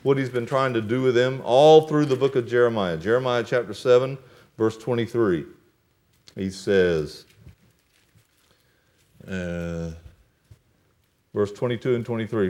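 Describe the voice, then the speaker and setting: A man delivers a church sermon, reading scripture in a measured, solemn cadence before explaining it in plain speech. His delivery swings widely, climbing to loud, emphatic peaks and then dropping to soft, low-voiced asides to the congregation. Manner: reads scripture in solemn King James cadence. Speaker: pastor.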